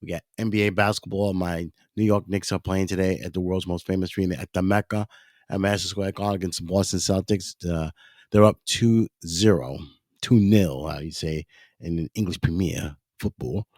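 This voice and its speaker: Low-voiced rambling male podcast host. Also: fairly even intonation, moderate pace, no room sound, clean studio sound. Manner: rambling, self-correcting, addresses listeners as ladies and gentlemen. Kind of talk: casual solo podcast monologue.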